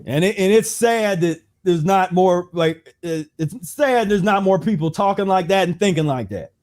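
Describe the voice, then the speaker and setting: A man with a fairly high voice talks through a casual livestream monologue. He sounds preachy and restless, firing off rhetorical questions and often restarting his sentences. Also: normal speed, darkish tone. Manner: casual and conversational with frequent restarts. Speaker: host. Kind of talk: livestream health talk monologue.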